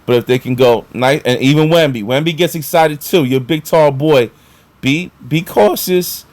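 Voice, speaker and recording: A man chatting casually about basketball as a vlogger, animated and excitable, with lots of fillers and repeated words. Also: fairly high pitch, moderate pace, dry recording. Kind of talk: casual sports talk.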